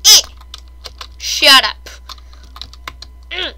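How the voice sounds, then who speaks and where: A young woman chatting casually over her own gameplay, excitable and quick to gasp and squeal at her failures. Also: a little high. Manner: excitable, shrieks and gasps at fails. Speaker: gamer.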